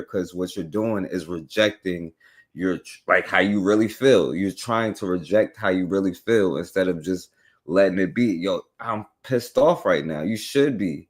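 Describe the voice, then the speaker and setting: Deep-voiced man, rambling podcast host. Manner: rambling, many fillers and restarts. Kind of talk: casual podcast discussion.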